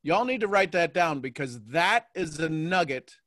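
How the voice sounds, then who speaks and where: A man hosting a coaching call, talking in a playful, animated way and acting out little quotes. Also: a little high, moderate pace, dry recording, clean studio sound. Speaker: host and mentor.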